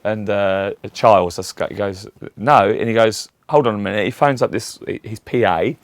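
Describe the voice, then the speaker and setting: A man's voice: on the low side, moderate pace, no echo. A middle-aged man, telling rambling anecdotes in a casual interview and acting out the voices of the people in them. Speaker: interview guest, tribute act for a famous singer.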